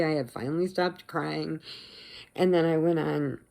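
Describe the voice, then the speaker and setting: A middle-aged woman vlogging, casually telling a story to the camera in an animated, emotional way and acting out what others said. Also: low-pitched, moderate pace, creaky. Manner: animated, emotional retelling, acts out quotes, laughs often.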